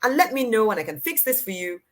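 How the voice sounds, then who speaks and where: A woman imitating an older male mentor who talks slowly in formal, old-fashioned phrases. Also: fairly high pitch, very animated, pitched above the performer's own voice. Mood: helpful.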